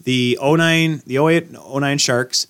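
A man co-hosting a hockey podcast in casual, excitable chat. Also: medium pitch, a little slow, clean tone. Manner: excitable, breaks into shouts and laughs. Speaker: podcast co-host.

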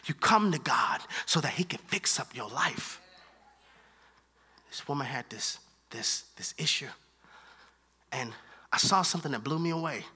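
A man preaching a sermon, animated, moving from hushed asides to loud emphatic lines and using casual slang. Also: a little high, unhurried, pauses often, breathy edge.

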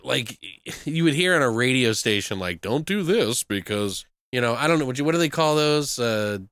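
A man's voice: medium pitch, animated, a little fast, fairly bright tone, smooth, no room sound. Rambling man, dry close sound. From United States. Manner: rambling, frequent fillers and swearing. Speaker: podcast host reviewing films. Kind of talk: casual chat.

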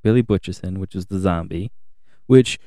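A man with a low, dark and mellow voice co-hosts a podcast, talking casually and swearing as he rants. The recording is dry and close. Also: moderate pace, dry recording. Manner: animated, profane ranting. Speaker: podcast co-host. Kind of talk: casual chat. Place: home podcast setup.

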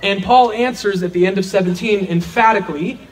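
A man's voice: high-pitched, a little fast, slight background noise. A man teaching a verse-by-verse sermon, earnest and emphatic, asking rhetorical questions and answering them himself. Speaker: Bible teacher.

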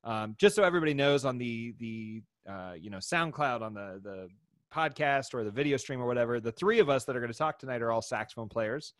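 A man's voice: medium pitch, expressive, fairly quick, dry recording, studio quality. A man hosting a podcast from home in casual chat, upbeat and joking, laughing often. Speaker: podcast host. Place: home, indoors.

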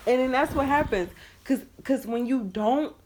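A woman co-hosting a podcast in casual chat, blunt and profane, ranting fast. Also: high voice, background noise. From Puerto Rican side. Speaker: podcast co-host.

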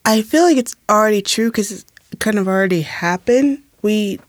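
A young woman from Tacoma speaks earnestly in a roundtable discussion, asking herself questions as she works through an idea. Her pitch is mid-range and the sound is dry and close. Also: moderate pace, dry recording. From Tacoma, United States. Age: young adult. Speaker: alumna guest. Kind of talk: reflective roundtable conversation.

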